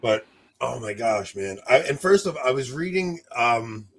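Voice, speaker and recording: Loud laughing husky-voiced man. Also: medium pitch, expressive, normal speed. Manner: loud, laughs a lot while telling stories. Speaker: podcast co-host. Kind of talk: casual livestream chat. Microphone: desk mic close to face.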